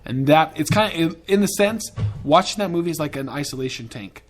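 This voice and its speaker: A man's voice: on the high side, expressive, brisk, faint music behind. A man hosting a podcast in a casual, rambling and profane way, with enthusiastic tangents. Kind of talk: casual chat.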